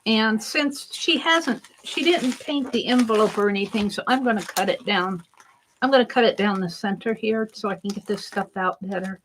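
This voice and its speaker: Crafting at home, a middle-aged vlogger chats happily and muses aloud about what she's doing. She speaks at normal speed with a medium-pitched, fairly bright voice. The low-quality recording carries a little hiss or hum.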